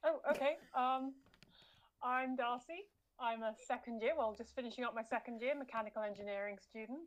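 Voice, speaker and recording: High-voiced bubbly young woman. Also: a little fast. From London. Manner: self-deprecating, bubbly. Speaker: radio show guest, engineering student. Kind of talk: casual chat.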